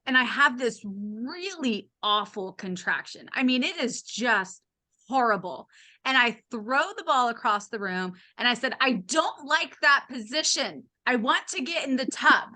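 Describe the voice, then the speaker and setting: A woman in her late thirties or forties, a podcast guest telling a frank, funny personal story and acting out the voices of the people in it. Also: on the high side. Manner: animated, acts out the voices of others in her story; candid and frank, with a wry humor. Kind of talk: casual storytelling.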